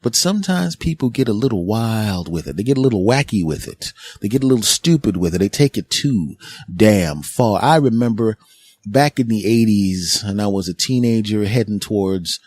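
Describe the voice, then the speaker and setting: A man's voice: fairly low pitch, expressive, normal speed, darkish tone, no echo. A middle-aged man from Philadelphia hosting a podcast, telling a casual comedic story and mocking the people he quotes in put-on voices. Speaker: podcast host.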